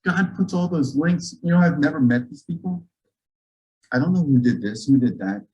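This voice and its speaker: A man, a physician, telling a story to a church gathering in a lively, joking way, acting out the dialogue. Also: fairly high pitch, normal speed, highs cut off. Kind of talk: storytelling talk to a church audience. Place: church auditorium.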